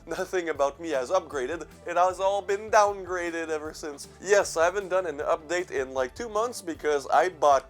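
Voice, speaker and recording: A man's voice: fairly high pitch, normal speed, a bit bright, soft background music. A young man hosting a casual vlog, stuffy from allergies, rambling, self-mocking, swearing and laughing as he goes. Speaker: horror movie channel host.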